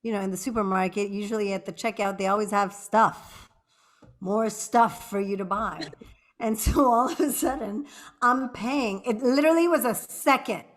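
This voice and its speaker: A woman's voice: medium pitch, normal speed. A woman with a mid-range voice talks on a podcast. She chats easily, shares her own story, and laughs along with her co-host. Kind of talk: casual chat, storytelling.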